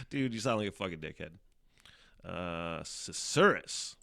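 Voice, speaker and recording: A man's voice: low voice, expressive, measured pace, vocal fry, fairly bright tone, no room sound, studio quality. A man hosting his own casual live-stream podcast, rambling and cursing freely, laughing at himself as he talks into a desk mic. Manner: profane, rambling, self-mocking, laughs often. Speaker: podcast host. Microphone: headphones on, desk mic.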